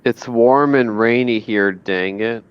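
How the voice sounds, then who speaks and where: A man hosting his live stream, chatting casually with dry deadpan remarks. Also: mid-range voice, slow, clear, resonant tone, muffled recording. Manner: dry, deadpan one-liners. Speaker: streamer, host.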